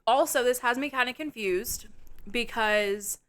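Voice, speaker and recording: Woman podcast co-host, bright and clear, blunt and profane, animated scene recaps. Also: a little high, a little slow. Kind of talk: casual film review chat.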